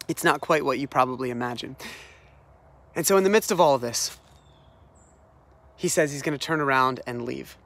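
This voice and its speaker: A man preaching a sermon, retelling a Bible story in a lively, animated way, often repeating words as he restarts his sentences. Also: medium pitch, moderate pace, pauses often. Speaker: pastor.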